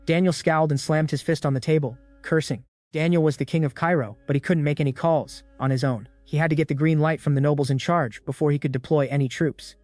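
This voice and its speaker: A man narrating a recap in a brisk, casual storytelling style. His voice sits a little high, and the recording is dry and close with no room sound. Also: steady tone, darkish tone, no echo. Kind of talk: scripted narration.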